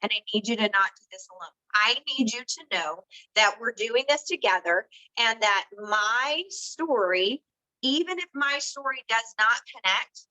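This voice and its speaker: A woman's voice: fairly high pitch, lively intonation, measured pace, sharp tone, poor audio. A woman giving a casual training talk to her sales team, earnest and coaching, with many fillers and restarts.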